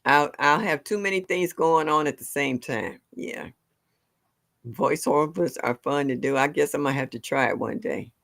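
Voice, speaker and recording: Gravelly, bright-voiced woman chatting live. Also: low-pitched, moderate pace. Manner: chatty, laughs often, talks straight to her viewers. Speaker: livestream host. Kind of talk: casual chat with live viewers.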